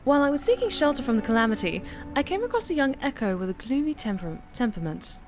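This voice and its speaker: A woman voicing a pompous, self-important female high cleric investigator, speaking formally and grandly. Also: big pitch swings, fast talker, music in the background. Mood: formal, self-assured.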